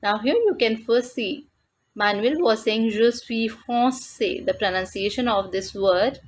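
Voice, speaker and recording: A woman teaching a beginners' French lesson, reading dialogue lines and translating them slowly and deliberately. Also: on the high side, a little hiss or hum. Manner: slow and deliberate, repeats words in French then English. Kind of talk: explaining a textbook lesson.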